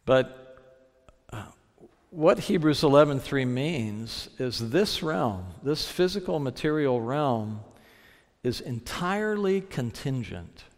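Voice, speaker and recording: A man preaching a sermon, telling his story in a reflective way. He slows down to lean on the phrases that matter. His voice sits in a middle pitch and carries a long reverb from a large hall. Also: animated.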